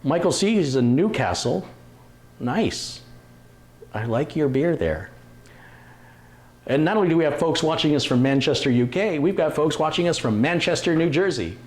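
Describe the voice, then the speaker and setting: A man hosting a casual live stream, reading out viewer comments with quick asides and laughs. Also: on the high side, expressive. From Detroit, USA. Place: home computer workshop.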